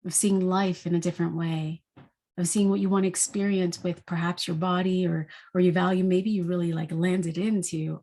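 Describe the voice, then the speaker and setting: In a spiritual daily forecast monologue, a woman with a somewhat low, warm voice reflects on the energy ahead, speaking unscripted at a moderate pace with little pitch movement. She asks lots of rhetorical questions and leans heavily on the word "like."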